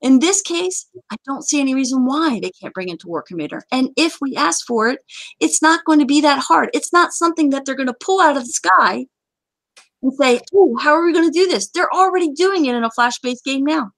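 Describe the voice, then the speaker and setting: A woman's voice: high-pitched, lively intonation, brisk, gravelly, a bit bright, no room sound. A woman hosting a casual gaming chat, talking in a chatty, joking way with sudden exclamations. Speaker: game community host.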